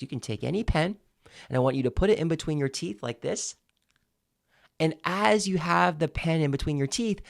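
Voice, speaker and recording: A man coaching viewers on clear speech, walking them through each exercise step by step. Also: mid-range voice, darkish tone. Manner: demonstrative, slowly spelling out each step. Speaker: speaking coach. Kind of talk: instructional talk to camera.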